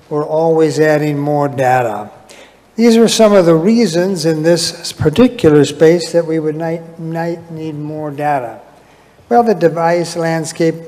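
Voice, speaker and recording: A middle-aged man giving a conference lecture in a large hall, relaxed and anecdotal with light humor. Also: a little high. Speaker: invited lecturer. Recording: long hall reverb from PA.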